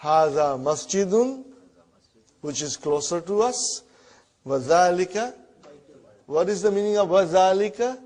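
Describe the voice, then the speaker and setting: A man teaching a classroom Arabic lesson in English, repeating words slowly and checking in with the students as he goes. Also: high voice, lively intonation, darkish tone. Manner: repeats words slowly, often asks "huh?" and "brother".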